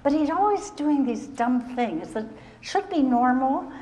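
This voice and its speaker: A woman fitness instructor leading a seated exercise routine on a live stage show. She gives short, calm, step-by-step cues and keeps encouraging the audience. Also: high-pitched, unhurried. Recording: music playing under the voice. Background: background music.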